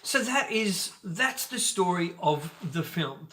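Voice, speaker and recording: Bright, high-voiced, jokey man reviewing films. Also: slow pace, slight background noise. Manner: energetic, jokey, playful. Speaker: host of a film review channel. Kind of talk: casual video film review.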